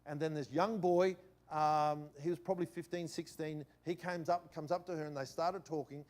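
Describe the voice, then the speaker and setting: A middle-aged pastor tells a personal story from the pulpit in a fairly high voice. He is animated, swinging from loud bursts to quiet asides. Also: normal speed. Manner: animated anecdote-telling with swings in loudness. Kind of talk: sermon storytelling.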